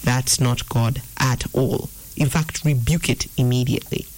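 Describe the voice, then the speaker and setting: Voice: mid-range voice, steady tone, unhurried, darkish tone, a little hiss or hum, rough recording. A preacher teaching an informal sermon, earnest and repeating phrases for emphasis. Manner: acts out inner voices in quotes. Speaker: preacher answering a viewer question.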